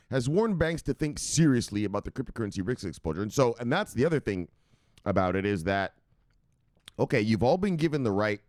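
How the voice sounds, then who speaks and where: A man's voice: on the low side, a little mellow, dry recording, studio quality. A man hosting a crypto news show in casual, profane commentary, joking and chuckling as he reads and explains stories.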